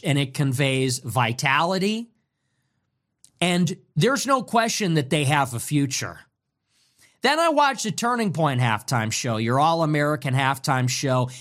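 Slow, scornful ranting man. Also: on the high side, fairly bright tone. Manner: contemptuous, mocking, emphatic repetition. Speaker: political commentator. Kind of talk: ranting monologue.

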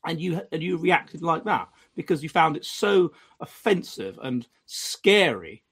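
Husky man hosting a panel. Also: a little high, very animated, a little slow, fairly bright tone. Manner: emphatic, many restarts. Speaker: host. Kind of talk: panel discussion.

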